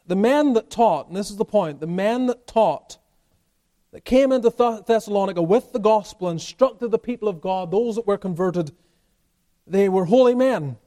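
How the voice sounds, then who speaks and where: A man with a high-pitched speaking voice preaches in church. He delivers an expository sermon, building emphasis and then dropping to quieter stretches. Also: animated, moderate pace. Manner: emphatic preaching with rising and falling intensity. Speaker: pastor.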